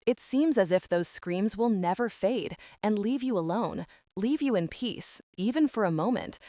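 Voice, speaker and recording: A woman reading a gentle young woman in an audiobook, speaking softly and earnestly to comfort a grieving girl. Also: medium pitch, expressive, moderate pace, dry recording, studio quality, natural voice.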